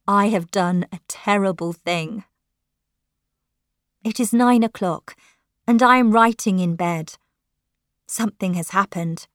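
A woman reads a first-person novel aloud with emotive, heartfelt storytelling. Her pace is slow and deliberate, and the recording is dry and close. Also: fairly low pitch, dry recording. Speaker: audiobook narrator.

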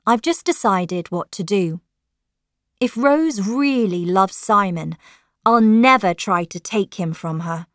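A woman reads a first-person novel aloud with emotive, heartfelt storytelling. Her pace is slow and deliberate, and the recording is dry and close. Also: mid-range voice, lively intonation, no room sound. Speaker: audiobook narrator.

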